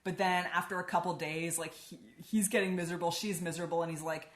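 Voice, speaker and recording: A woman's voice: sits low, fairly even intonation, normal speed, few pauses, roomy sound. A woman giving a casual spoken book review, chatty and swearing freely, with lots of "like".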